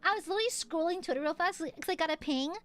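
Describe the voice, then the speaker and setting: A woman's voice: very high voice, fast, fairly bright tone. A young woman streaming casually as a VTuber, playful and jokey, often breaking into laughs and squeals. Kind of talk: casual livestream chat.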